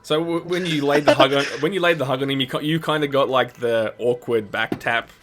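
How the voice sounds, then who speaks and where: A man narrating as game master, describing scenes in a relaxed way. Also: mid-range voice, fairly quick, faint music behind.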